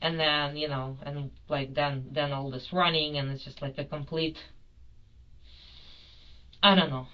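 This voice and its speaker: A woman's voice: low voice, fairly even intonation, measured pace, long pauses, muffled recording. A woman giving a rambling, apologetic account in a police interview, full of fillers. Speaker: detained airline passenger.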